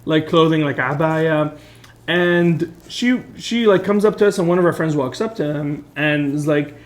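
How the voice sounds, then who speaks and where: A man with a slightly higher voice tells a spooky story in easygoing chat. He rambles with lots of fillers and acts out the people in his tale. He talks from a studio while makeup is done on him. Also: normal speed. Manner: animated, filler-heavy storytelling with acted quotes. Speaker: storyteller and co-host.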